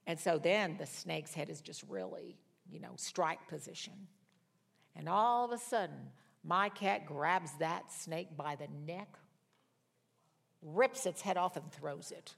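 An older woman teaching a Bible study through lively personal stories, her fairly low voice leaping up high and loud at the dramatic moments. She chats along with self-mocking asides. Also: unhurried, vocal fry. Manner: animated, with sudden jumps in pitch and loudness.

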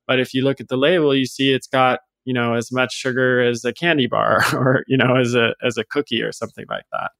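Measured man explaining health. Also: mid-range voice, steady tone, creaky, fairly bright tone, dry recording. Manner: explanatory, measured, with small restarts. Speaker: health expert guest. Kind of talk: conversational podcast interview.

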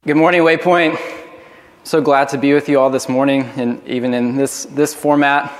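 A man's voice: mid-range voice, steady tone, normal speed, big-room sound. A man preaching a sermon as pastor, earnest and often repeating words as he starts a phrase.

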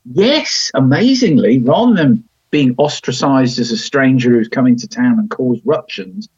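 A man talks through an old TV episode in relaxed review chat, his pitch bouncing around lively. His voice is a touch husky, and the recording is dry and a little dull. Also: dry recording. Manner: chatty, frequent ums and restarts, wry asides. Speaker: podcast host and TV reviewer.

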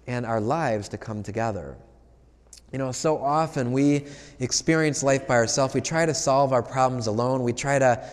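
A man's voice: mid-range voice, a little mellow. Guy priest doing a homily, talks right to the crowd, echo rings out long. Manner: conversational, asks the congregation questions. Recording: long hall reverb.

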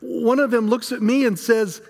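A man playing the frightened, guilt-stricken apostle Peter in a dramatic first-person monologue, halting and stammering over his words. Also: very high voice, steady tone, creaky, long reverb tail, exaggerated voice. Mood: fearful.

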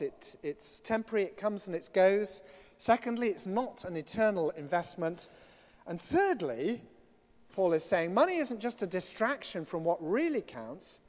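Male preacher, chatty and wry, lively delivery, big church echo. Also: high-pitched. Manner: conversational, self-deprecating asides. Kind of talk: sermon. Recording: long reverb of a church hall.

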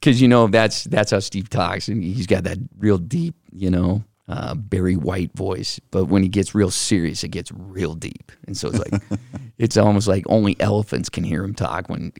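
Middle-aged man, low and gravelly, casual animated storyteller who acts out the dialogue. Dry sound. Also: dry recording. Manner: animated, acts out quoted voices, many fillers. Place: office.

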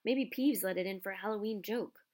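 A woman voicing a quick-tempered, sulky teenage boy in an audiobook reading. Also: medium pitch, darkish tone, natural voice. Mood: grumpy. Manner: grumbling, snappish. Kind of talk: audiobook character voice.

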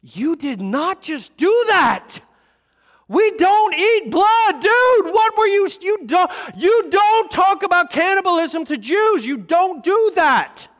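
A man voicing indignant male disciples who shout in disbelief at what they just heard. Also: extremely high pitch, very animated, slow, big-room sound, voice pushed up, exaggerated voice. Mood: incredulous. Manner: shouting, incredulous.

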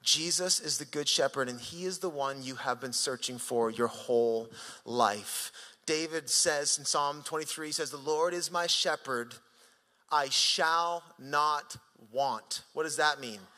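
A male pastor preaching a sermon in an animated, conversational way, swinging from sudden rises to quiet drops. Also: a little high, moderate pace, in a large hall.

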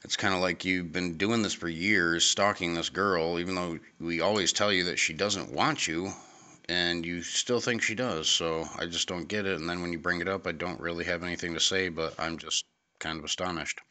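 A young man hosting an amateur comedy podcast, hesitant and deadpan, with many pauses. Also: low-pitched. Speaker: host.

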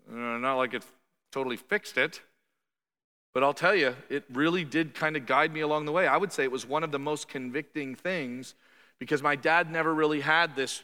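A man preaching a conversational sermon as pastor, animated and quick to act out quoted voices. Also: a little high, long reverb tail. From Canada.

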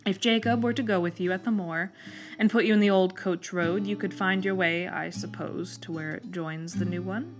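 A woman's voice: fairly low pitch, fairly even intonation, close to an everyday voice. A woman reading the lines of an embittered, eloquent old male scholar living as a recluse, in a storybook reading over guitar music. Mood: courteous. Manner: bitter, eloquent, measured.

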